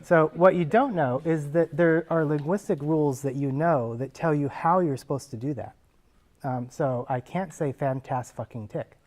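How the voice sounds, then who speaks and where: A linguist answering actors' questions explains ideas to a class in a casual, conversational way, drawing on everyday examples. His voice is on the high side and a little mellow, at a moderate pace.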